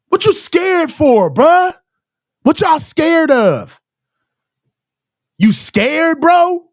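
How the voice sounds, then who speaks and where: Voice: sits high, sing-song, drawn-out words, long pauses, dry recording. A host of a live reaction show ranting sarcastically about a press conference, swearing freely. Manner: heated, sarcastic, swears a lot, mocks reporters in put-on voices. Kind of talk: profane sports rant.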